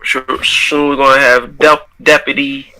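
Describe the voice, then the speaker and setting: Man, deadpan jokes, flat delivery, slow pace. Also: medium pitch, low-quality recording. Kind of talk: casual wrestling chat.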